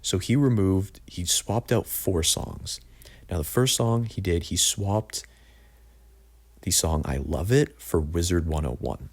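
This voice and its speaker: A man's voice: deep voice, takes it slowly, darkish tone. A young man reviewing music in a casual, opinionated way, blunt and full of "like". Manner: opinionated, blunt, says "like" often. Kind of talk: casual album ranking review.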